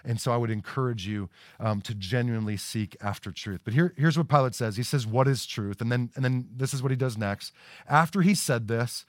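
A man's voice: mid-range voice, a little fast, no echo, studio quality. A man preaching a sermon in a conversational way, often repeating words as he starts a sentence. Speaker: pastor. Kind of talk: livestreamed sermon.

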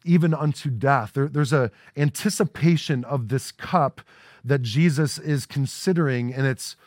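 A man's voice: mid-range voice, no echo, studio quality. Conversational male pastor preaching. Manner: conversational preaching with frequent "right?" asides. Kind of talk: sermon. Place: church sanctuary.

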